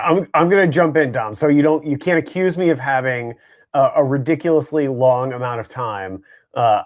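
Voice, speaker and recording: A man co-hosting a casual group chat, talking in an easygoing, rambling way with many fillers. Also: medium pitch. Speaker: co-host.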